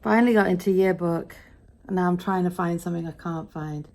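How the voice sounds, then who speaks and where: A middle-aged English woman from Britain chats through her day in a vlog, grumbling wryly with dry asides, sounding tired and a bit frustrated. Her voice is on the low side and a little mellow, and she talks fairly quickly.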